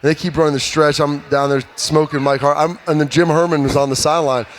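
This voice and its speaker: A man in his thirties, a former player, telling animated stories in a casual sports talk panel. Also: fairly high pitch, fast talker, slight background noise. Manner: animated storyteller, acts out trash talk.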